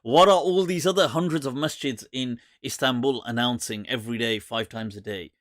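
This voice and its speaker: A man hosting a live Islamic Q&A stream, talking in an animated, sarcastic and mocking way. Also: medium pitch, moderate pace, no room sound, clean studio sound.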